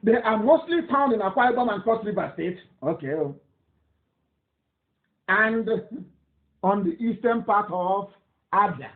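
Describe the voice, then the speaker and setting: Brief: high-voiced Nigerian man, fiery scornful broadcaster, phone-line quality. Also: expressive, measured pace, pauses often. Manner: fiery, scornful, repetitive, laughs derisively. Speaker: political activist broadcaster. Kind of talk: impassioned radio broadcast.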